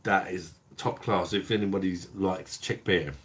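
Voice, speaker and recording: A beer review host from England, middle-aged and tipsy, rambles through casual live stream chat, reading viewer comments aloud, swearing and calling people mate in a blokey way. His voice is very low and deep, a little rough, with fairly even intonation at a moderate pace.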